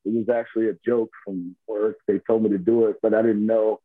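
American guest on a lo-fi remote line, husky, lively storyteller. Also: male voice, fairly low pitch, a little fast, no echo. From United States. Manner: animated storyteller, jumps into quoted voices. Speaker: podcast guest. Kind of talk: casual storytelling. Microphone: remote call. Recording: tinny phone-like call audio.

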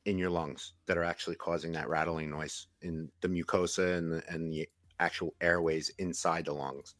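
A middle-aged man with a New York accent, a longtime EMT co-hosting a casual podcast, plainspoken and animated. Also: deep voice, moderate pace, no echo, studio quality. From New York City.

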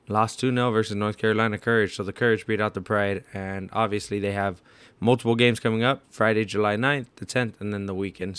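A man's voice: fairly low pitch, fairly bright tone, smooth, no echo. A man co-hosting a podcast in casual sports chat, laid-back, saying dude and bro a lot and stumbling over names. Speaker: podcast co-host.

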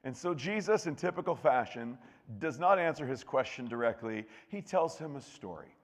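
A man's voice: medium pitch, animated, normal speed. A man preaching a conversational sermon as pastor, joking and chatty with frequent restarts, and reading scripture aloud. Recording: long reverb of a large hall.

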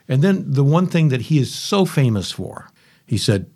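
A middle-aged man with a slightly husky voice, telling a personal story as a podcast host and repeating key phrases. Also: medium pitch, sing-song, unhurried, darkish tone.

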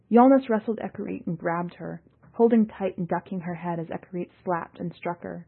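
A woman reading a science fiction story aloud in a steady, measured narration. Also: fairly low pitch, creaky, breathy edge. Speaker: audiobook reader and podcast editor. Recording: tinny phone-like audio.

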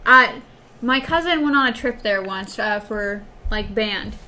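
A woman's voice: medium pitch, lively intonation, measured pace, bright, forceful tone, a little hiss or hum. A young woman from Wisconsin co-hosting a casual chat, rambling through stories with many fillers.

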